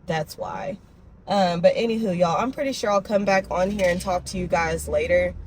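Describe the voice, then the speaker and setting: A woman's voice: lowish voice, darkish tone, slight background noise. A young woman, chatting emotionally and casually in a personal vlog. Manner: chatty, emotional, talks to her dogs in baby talk. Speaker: vlogger.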